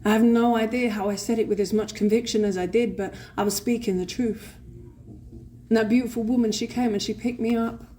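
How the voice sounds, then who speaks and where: A woman's voice: a little high, fairly even intonation, brisk, warm tone, a little hiss or hum. A woman with a London accent giving a live personal recovery share at a convention, swearing freely and acting out the other voices in her story. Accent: London English. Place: convention hall with an audience.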